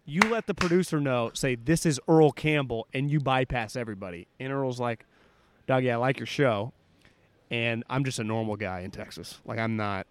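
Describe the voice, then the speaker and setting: A man's voice: mid-range voice, moderate pace, a little hiss or hum. A man co-hosting a sports podcast, telling anecdotes in casual chat and acting out what people said. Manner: animated storyteller, acts out quotes. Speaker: podcast co-host.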